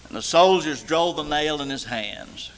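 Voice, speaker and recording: A man preaching a sermon, rising to loud, high, stretched-out lines and then falling back low and quiet. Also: expressive, measured pace, rough recording.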